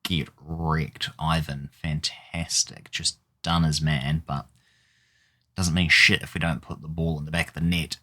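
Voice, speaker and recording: A man's voice: a bass voice, little pitch movement, measured pace, bright, forceful tone. A man giving casual gameplay commentary, exasperated and swearing as he mutters at the game. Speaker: gaming YouTuber.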